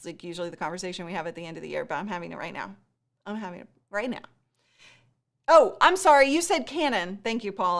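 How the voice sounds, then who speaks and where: Heartfelt rambling woman streamer. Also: medium pitch. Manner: heartfelt and rambling, with many fillers and restarts; laughs often. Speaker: live stream host. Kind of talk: casual live stream Q&A.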